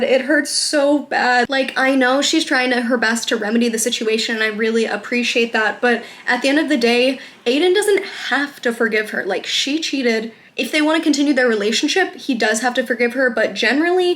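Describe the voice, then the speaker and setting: A woman's voice: a little high, fairly bright tone. A woman hosting a video, giving casual, chatty and sarcastic commentary on a TV episode. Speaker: video host.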